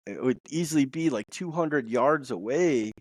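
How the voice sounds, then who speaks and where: A man's voice: medium pitch, lively intonation, slow pace, no room sound. A man telling a personal story as a podcast guest, rambling and repeating words as he goes. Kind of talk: casual storytelling. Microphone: podcast mic.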